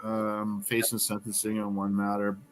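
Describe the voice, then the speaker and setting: A man from Canada, a podcast guest, talking bluntly in casual conversation with heavy swearing and sudden animated bursts. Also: lowish voice, moderate pace, faint music behind.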